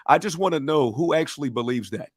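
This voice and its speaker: Recorded dry with studio quality, this man speaks quickly in a fairly high, expressive voice. He has a Southern accent and coaches a livestream audience like a fired-up preacher, pushing them to respond during his motivational teaching.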